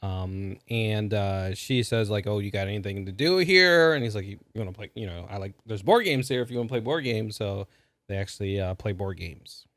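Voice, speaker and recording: A man's voice: fairly low pitch, a little fast, fairly bright tone, dry recording. A man co-hosting a podcast, casually retelling a movie's plot with lots of fillers and chuckles. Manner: rambling with many fillers and laughs. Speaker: podcast co-host. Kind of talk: casual movie review chat.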